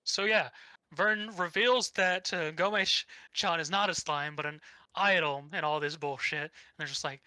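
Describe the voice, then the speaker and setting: Young man, podcast co-host, rambling recap, casual swearing, bright tone, slightly high voice. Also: a little slow, dry recording, poor audio. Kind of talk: casual anime recap chat.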